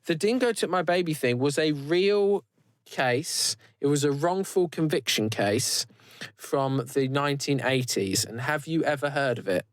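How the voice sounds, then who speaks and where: A man's voice: on the high side, expressive, measured pace, dry recording, clean studio sound. A man hosting a podcast in casual chat, rambling loosely with many restarts. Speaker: podcast host.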